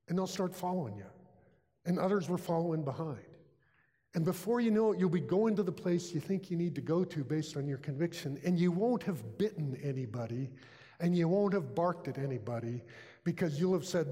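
High-voiced male chapel preacher. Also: fairly quick, in a large hall. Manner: storytelling, animated with folksy asides. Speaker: chapel speaker. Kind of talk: sermon.

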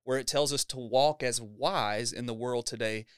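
A man's voice: mid-range voice, moderate pace, clear, resonant tone, dry recording, studio quality. A man hosting a church podcast, talking in an upbeat, casual interview style and laughing often.

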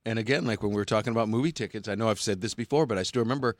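A man's voice: fairly low pitch, very fast, no room sound. Dry-sounding middle-aged man chatting. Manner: laughs easily, reminiscing. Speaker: movie show host. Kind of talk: casual chat.

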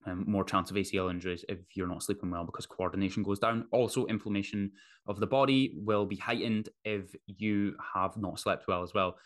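A man with a somewhat low voice hosts a solo podcast. He talks casually and bluntly, dropping swear words freely. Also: brisk. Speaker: podcast host.

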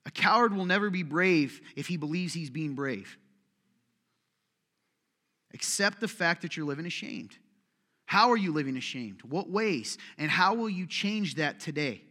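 A pastor preaches to a congregation in a large church hall with a fairly high, bright, expressive voice and a forceful tone, never hurrying. He talks casually, cracks jokes, and fires pointed questions at the room.

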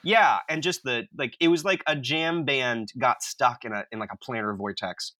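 A man co-hosting a podcast, telling a comic story in an animated, self-mocking way. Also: medium pitch, normal speed. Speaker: podcast co-host.

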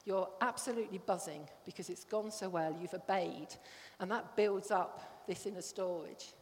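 A woman's voice: mid-range voice, normal speed, darkish tone. A woman giving a conversational sermon to a congregation, often checking that they follow. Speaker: church speaker. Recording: long hall reverb.

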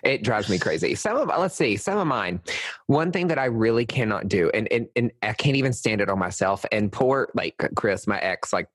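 A man in casual chat, telling pet-peeve stories in a sassy, profane way with sudden pitch jumps. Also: animated, moderate pace, breathy edge, no room sound.

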